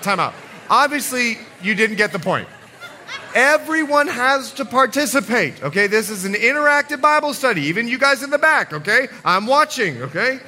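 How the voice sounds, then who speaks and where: Animated high-voiced male pastor preaching. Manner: animated, playful, acts out quotes. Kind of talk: sermon. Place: church service.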